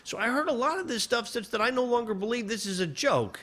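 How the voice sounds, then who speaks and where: A man's voice: very high-pitched, lively intonation, fast, fairly bright tone. A man, a composer giving casual feedback on listener submissions, rambling and swearing, laughing often and restarting his sentences. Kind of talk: casual livestream critique.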